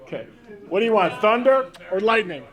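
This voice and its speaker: A man's voice: sits high, very animated, a little fast, fairly bright tone. A man in his fifties giving a rambling, joking banquet speech, calling out to people in the crowd. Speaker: banquet speaker.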